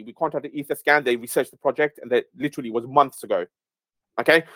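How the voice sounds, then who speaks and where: A man's voice: on the high side, dry recording. A man leading a community Q&A who talks emphatically and often checks in with "okay?". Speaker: project lead hosting a community Q&A. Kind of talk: casual live-stream talk.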